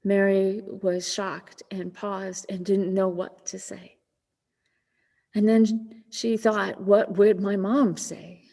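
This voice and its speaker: Woman pastor giving a sermon, soft gentle storytelling, big echoey church hall. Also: medium pitch, level tone, vocal fry. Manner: gentle storytelling, slowing and softening to a near whisper in quoted moments. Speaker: minister. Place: church sanctuary.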